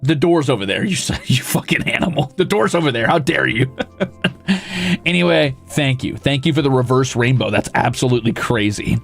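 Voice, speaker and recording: A young man streaming casually, reading viewer comments aloud and ranting with lots of swearing, flipping between outrage and mock calm. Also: medium pitch, fairly quick, creaky, soft background music. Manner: profane, excitable ranting that swings to mock calm.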